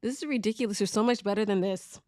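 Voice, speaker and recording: A woman from Virginia hosting her own talk show, telling news stories in a frank, animated way and laughing as she goes. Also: mid-range voice, fast, no room sound, studio quality. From Virginia, USA. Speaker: show host. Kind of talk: casual talk-show commentary.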